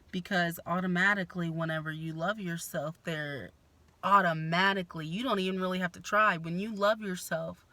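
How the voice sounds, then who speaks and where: A woman's voice: on the low side, sharp tone, no echo. A woman giving a casual spoken tarot reading, frank and blunt, swearing freely and sighing between thoughts. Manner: frank, blunt and profane, with sighs and laughs. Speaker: tarot reader.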